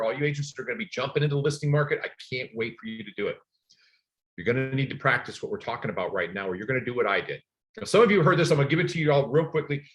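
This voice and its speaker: A middle-aged man teaching a class for real estate agents, talking emphatically and telling stories from his own work. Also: mid-range voice. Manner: energetic, emphatic coaching with personal stories.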